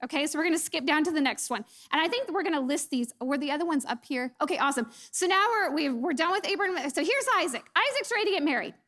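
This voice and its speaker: A woman preaching a sermon. She is a mother who acts out the lines she quotes and sometimes drops to a soft near-whisper. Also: high voice, expressive, quick pace, hardly any pauses.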